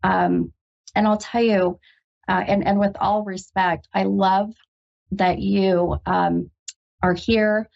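Woman, psychic radio host, lightly gravelly, hesitant and comforting, muffled lo-fi sound. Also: mid-range voice, little pitch movement. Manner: halting, full of ums, gentle and reassuring. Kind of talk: call-in psychic reading. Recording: dull lo-fi radio recording.

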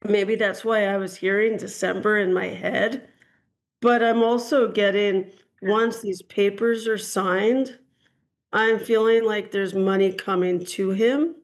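Woman psychic host, gravelly low-energy fry, chatty and rambling, call-in reading. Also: steady tone, slow pace. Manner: chatty, hedging, frequent ums and "I'm getting". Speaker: psychic reader hosting a call-in show.

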